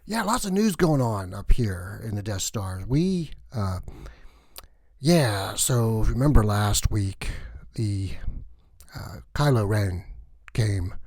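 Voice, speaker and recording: A man doing a gossipy cleaner from a space station, rambling and chatty, full of asides. His voice is low and mellow, and it sounds dry and close. A comic sketch told as backstage gossip. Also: big pitch swings, takes it slowly, slightly rough, dry recording, heavily acted.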